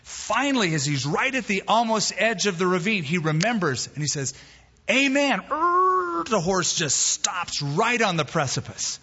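Animated man preaching in a reverberant hall. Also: high voice, moderate pace, few pauses, breathy edge. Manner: animated storytelling, emphatic quotes. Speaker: pastor. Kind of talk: expository sermon with humor. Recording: dull reverberant hall recording.

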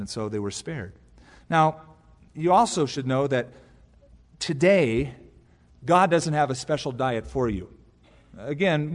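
In a large church sanctuary, a male pastor with a voice on the high side teaches through the Bible verse by verse from the pulpit. His expository sermon is conversational, mixing in personal stories, and his voice carries the sound of the large hall.

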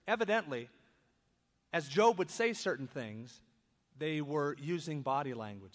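A male pastor with a somewhat high voice preaches through a passage, swinging between solemn scripture reading and quick, chatty commentary. His voice carries a long, echoing reverb, as in a large church sanctuary. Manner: reads scripture, then breaks into lively conversational asides. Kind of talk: expository sermon.

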